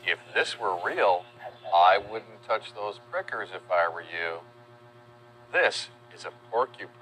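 A man narrating a children's educational video, spelling out words letter by letter in a friendly, deliberate way. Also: fairly low pitch, animated, sharp tone, soft background music. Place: voice-over.

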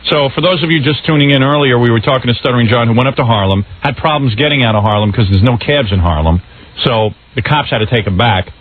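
A man's voice: mid-range voice, quick pace. A man hosting a talk radio show in the studio, wisecracking and complaining at length in loose banter. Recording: narrow phone-like radio audio.

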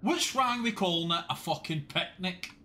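A Scottish man talks over his game stream in an animated, exasperated rant full of swearing. His pitch swings widely from low grumbles to high outbursts. Steady noise sits under the voice. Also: moderate pace. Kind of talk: casual live-stream chat.

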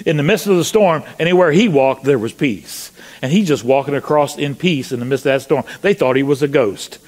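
A pastor preaching a sermon in a church. He asks the congregation rhetorical questions and rises to loud, high cries when he quotes scripture. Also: fairly quick. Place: church sanctuary.

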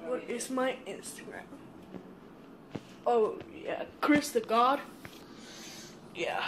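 Woman, casual vlog, excitable, swears a lot, high voice, faint background hiss. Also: slow, pauses often. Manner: excitable, swears often, talks straight to viewers. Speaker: vlogger. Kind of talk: casual mail-opening vlog.

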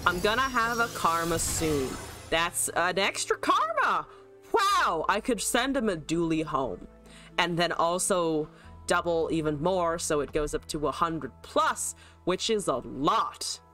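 A woman's voice: lowish voice, sing-song, a little slow, bright, forceful tone, faint music behind. A woman streamer casually commentating her card game, joking, laughing and swearing freely.

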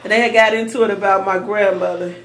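A woman's voice: medium pitch, quick pace. Woman telling a story in a roomy space. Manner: lively storyteller, laughing through the memories. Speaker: interviewee recalling childhood. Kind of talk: oral history storytelling.

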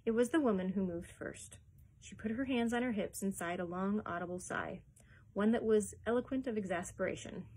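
Woman, children's librarian, story time read-aloud, expressive, husky. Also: mid-range voice, brisk, rough recording. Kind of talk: reading a chapter book aloud.

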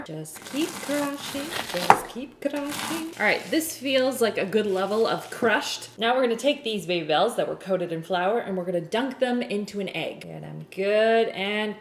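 A woman's voice: mid-range voice, animated, moderate pace, few pauses, noisy background. A young woman chatting casually through a cooking vlog in her home kitchen, bubbly and giggly. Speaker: cooking vlogger. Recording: echoey kitchen room.

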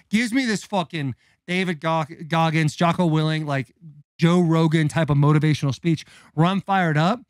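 A man in his thirties, a podcast co-host, telling a story in a casual, animated and profane way with dramatic build-up. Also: fairly high pitch, normal speed, no echo, clean studio sound.

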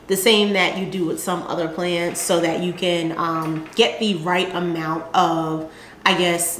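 In a lowish voice with a Southern American accent, a woman running a gardening channel chats loosely about her seed packets, full of fillers. The room is echoey, and there's a faint hiss or hum.

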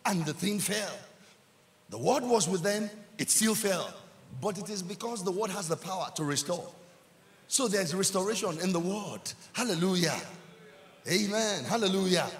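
A man with a Nigerian accent, a pastor preaching a sermon in church, building up to shouted emphasis and repeating his lines. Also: high-pitched, lively intonation, normal speed, in a large hall.

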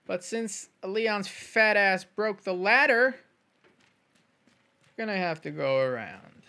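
A man's voice: sits high, lively intonation, takes it slowly, pauses often, pushed and bright. A man giving casual, jokey commentary while playing a game, rambling, swearing and muttering to himself. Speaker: gaming channel host.

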